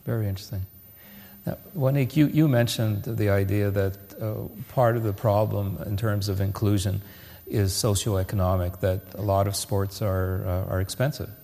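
A man's voice: fairly low pitch, fairly even intonation, moderate pace, creaky, dark tone. A man moderating a panel, framing questions hesitantly with many fillers. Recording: reverberant hall.

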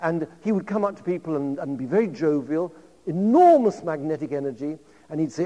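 A man in his fifties delivering a public lecture, his fairly high voice ringing out with a long reverb through the hall. He spins anecdotes in a chatty, conversational way, with frequent asides to the audience. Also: lively intonation, fairly quick, mellow.

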